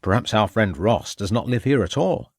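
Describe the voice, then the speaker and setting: A man's voice: fairly low pitch, lively intonation, moderate pace, dry recording, clean studio sound. A man voicing an earnest, bewildered police constable in a crime audiobook. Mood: puzzled. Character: puzzled male police constable.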